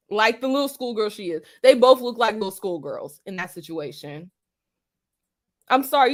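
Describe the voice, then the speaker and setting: A woman hosting casual opinion commentary, blunt and profane, heavy on slang and repeating her points for emphasis. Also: on the high side. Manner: slang-heavy street talk. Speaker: commentary channel host.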